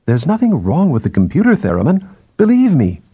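A troubled, pleading astronomer, as a male narrator puts him on, his husky voice climbing into high, strained peaks as he frets over his old mentor. The delivery swings widely in pitch and sits close and dry. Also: wildly swooping pitch, brisk, no echo, phone-quality sound, exaggerated voice. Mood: insistent. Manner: distressed, pleading, voice rising high.

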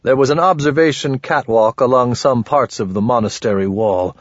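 A man narrating an audiobook in first person with a dry, grumbling, wry manner and a husky voice. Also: medium pitch, moderate pace, dry recording, dull audio.

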